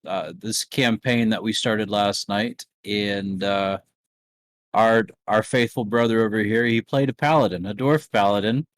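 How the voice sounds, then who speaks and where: A man co-hosting a casual chat podcast, halting with many fillers and laughing often. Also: lowish voice, fairly even intonation, dry recording. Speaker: podcast co-host.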